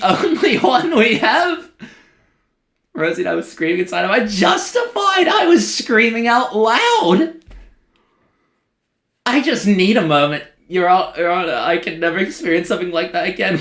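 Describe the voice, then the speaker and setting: An excitable streamer talks through a live game and chats warmly with viewers. The delivery is unhurried between bursts of excitement. The voice sits in a noticeably roomy, echoing space. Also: medium pitch. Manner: excitable reactions, chatty with viewers.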